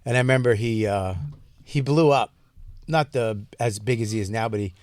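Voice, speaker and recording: A man's voice: medium pitch, moderate pace, darkish tone, dry recording. A man guesting on a podcast in casual comedic chat, a brash, profane storyteller who laughs often.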